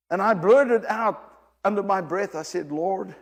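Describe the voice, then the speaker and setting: Male preacher, high lively voice, repeats himself, hushed then loud, church hall reverb. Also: unhurried. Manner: animated, repeats phrases, swings from hushed to loud. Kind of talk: sermon. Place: church service with a congregation.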